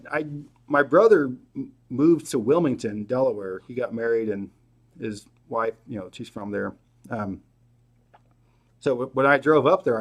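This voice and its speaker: Answering his viewers' questions on a casual livestream, the middle-aged host thinks aloud in a loose, relaxed manner, often restarting and padding his speech with fillers. He has a mid-range voice.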